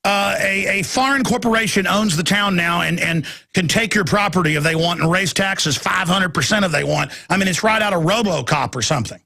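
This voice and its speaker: A talk radio host delivers an impassioned, intense monologue, ranting, repeating phrases and stammering into restarts. His voice is high-pitched, bright and forceful with a creaky quality, and he speaks fairly quickly with few pauses.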